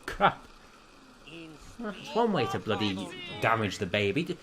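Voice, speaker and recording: A man's voice: fairly low pitch, very animated, takes it slowly, crowd noise. A man commenting on a video game he is playing, sarcastic and prone to laughing and swearing. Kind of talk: let's play commentary.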